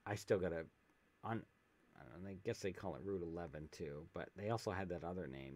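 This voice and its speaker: A man's voice: low-pitched, very animated, fairly quick, gravelly. A man streaming a video game, chatting casually and reading game text aloud with jokey asides, on a desk microphone. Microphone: desk USB microphone with pop filter.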